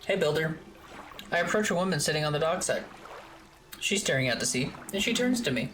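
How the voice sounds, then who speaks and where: Low-voiced woman chatting on stream. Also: expressive, fast talker, music in the background. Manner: chatty and rambling, swears freely. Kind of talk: casual chat while gaming. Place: home streaming room.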